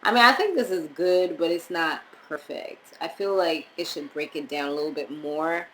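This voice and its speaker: Young woman from montserrat, low voice, chatty and rambling, bit of hiss behind. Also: moderate pace, low-quality recording. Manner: chatty, animated asides, rambling. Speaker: vlogger. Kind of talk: casual chat reviewing DNA results.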